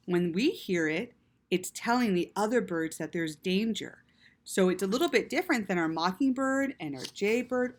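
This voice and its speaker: A woman reading a story aloud to children in an animated way, with gasps and quiet asides. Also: mid-range voice.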